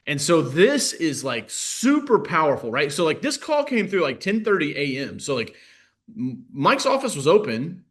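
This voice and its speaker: A man, a sales coach, giving a casual live masterclass in a lively, filler-heavy way, jumping from loud bursts to low asides. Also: moderate pace.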